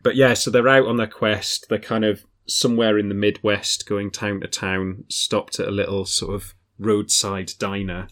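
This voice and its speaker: A man's voice: on the low side, normal speed, hardly any pauses. Chatty man talking books. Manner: chatty and relaxed, with many fillers. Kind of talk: casual book discussion.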